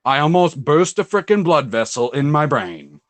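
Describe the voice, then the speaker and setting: With a slightly high voice at a moderate pace, this host of a casual fan chat spins lively stories, raising his voice to act out other people's lines. There's no room sound.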